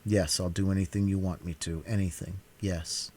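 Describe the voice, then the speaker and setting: A man reading aloud as a troubled young woman, speaking softly and with resignation, in a cold-read audiobook narration. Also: low-pitched, fairly even intonation, normal speed. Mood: resigned.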